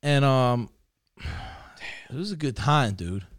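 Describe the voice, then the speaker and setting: Animated, profane man telling a story. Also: medium pitch, takes it slowly, no echo, clean studio sound. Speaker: podcast co-host. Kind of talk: crude casual storytelling.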